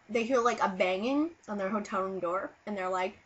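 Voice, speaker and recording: Sick woman vlogger, mid-range voice, rambling and animated, dull webcam audio. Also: medium pitch, moderate pace, hardly any pauses, slightly rough. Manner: silly, animated, with sudden loud bursts. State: sick, low on energy. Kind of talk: casual rambling storytelling to camera.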